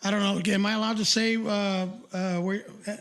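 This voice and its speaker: An older man with a notably high voice co-hosts a podcast in casual chat. He rambles, circling back with fillers and restarts as he goes. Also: little pitch movement, normal speed, a bit bright. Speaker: podcast co-host.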